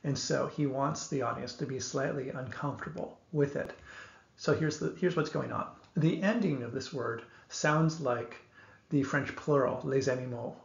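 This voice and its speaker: A man giving an explanatory lecture, speaking in a measured way and thinking aloud with small restarts. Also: medium pitch, creaky. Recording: echoey room, dull lo-fi sound.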